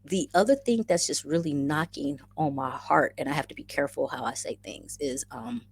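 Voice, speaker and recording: A woman's voice: low-pitched, normal speed, gravelly, slightly rough. A woman hosting a casual livestream, effusively greeting viewers by name and chatting through the comments, often repeating her phrases. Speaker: livestream host.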